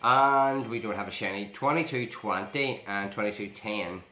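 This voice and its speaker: A man's voice: on the low side, normal speed, few pauses, sharp tone, a little hiss or hum. A man playing a mobile game with his family, chatting casually and talking himself through each choice with a mock-boastful streak. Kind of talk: casual gameplay chat. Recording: echoey room with background music.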